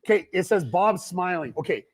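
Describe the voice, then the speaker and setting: A man's voice: high-pitched, animated, brisk, husky. A middle-aged man hosting a livestream from a film set, casual, playful and jokey, rambling as he talks. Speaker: show co-founder and livestream host.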